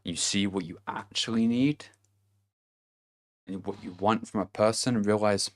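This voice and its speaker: A young man with a somewhat low voice talks through a casual self-help monologue, blunt and full of swearing. He laughs to himself and swings from loud, punchy emphasis down to low murmurs. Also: steady tone, a little slow, long pauses. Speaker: vlogger.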